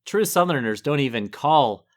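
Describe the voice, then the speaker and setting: A man's voice: mid-range voice, expressive, normal speed. A man co-hosting a book podcast, from the northern United States, chatting casually and laughing often. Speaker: podcast co-host.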